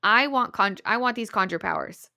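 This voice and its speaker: A woman co-hosting a podcast, retelling a book's chapter in an animated, casual way full of "like" and "right?". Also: mid-range voice, moderate pace, creaky, dry recording, clean studio sound. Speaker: podcast co-host. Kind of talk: casual book-review chat.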